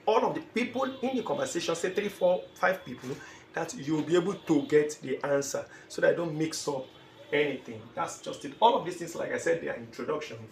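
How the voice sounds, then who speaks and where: A man's voice: fairly high pitch, expressive, brisk, creaky. A man teaching an exam-preparation lesson. He speaks emphatically and repeats phrases, sometimes acting out short dialogues. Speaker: IELTS teacher. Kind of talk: classroom-style lecture. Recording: echoey room with faint ambient noise.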